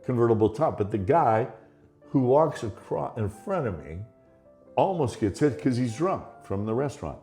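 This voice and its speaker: A man's voice: mid-range voice, big pitch swings, normal speed, dark tone, soft background music. A man telling stories in a casual conversation, laughing often and acting out the voices in his anecdotes.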